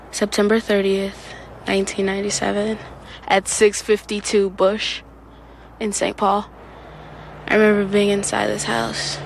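Woman, reflective documentary voice, vocal fry, outdoors with faint traffic hum. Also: medium pitch, poor audio. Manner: reflective and quiet. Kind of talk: personal documentary narration. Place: outdoors on a house porch.

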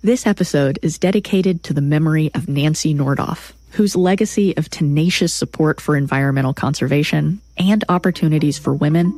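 A woman giving measured, clear scripted narration for a short radio program. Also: sits low, a little mellow.

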